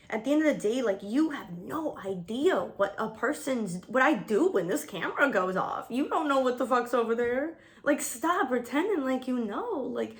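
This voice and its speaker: A woman vlogger chatting casually while getting ready, slangy and profane, laughing often. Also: high-pitched. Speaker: beauty vlogger. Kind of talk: casual get-ready-with-me chat.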